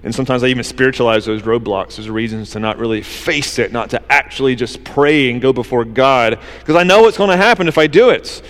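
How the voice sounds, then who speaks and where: A man's voice: medium pitch, a little fast, few pauses, fairly bright tone, in a large hall. A man preaching a sermon to his church, earnest and conversational, asking the listeners rhetorical questions. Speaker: pastor.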